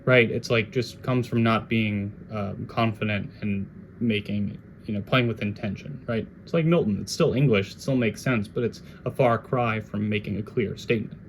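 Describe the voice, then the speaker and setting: A man giving a casual jazz guitar lesson, talking in a relaxed, conversational way and now and then scatting melodies. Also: on the low side, moderate pace, a little hiss or hum.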